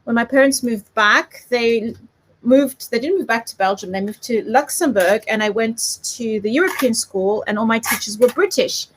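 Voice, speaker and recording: Demonstrating papercraft live, a woman from South Africa chats, giggles and pokes fun at herself in a light South African accent. Her voice is fairly high and her pace moderate.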